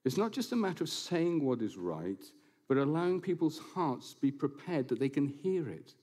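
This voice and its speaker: A man preaching a sermon to his congregation in a church building, animated and quick to slip in jokes and asides. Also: on the high side. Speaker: pastor.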